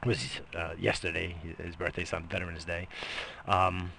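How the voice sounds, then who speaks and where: A middle-aged man talks in a loose, profane ramble, with coughs breaking up his sentences. His voice is low and gravelly with a bright, forceful edge. Faint noise sits under the recording. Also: little pitch movement, moderate pace. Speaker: vlogger. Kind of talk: casual rambling monologue.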